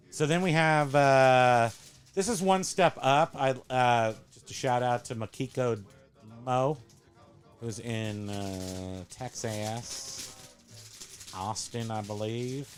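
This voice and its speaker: A man hosts a loose, casual talk show, rambling through jokes and quick self-corrections. His voice sits at an ordinary middle pitch, with faint music in the background. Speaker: host. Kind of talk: casual show-and-tell chat.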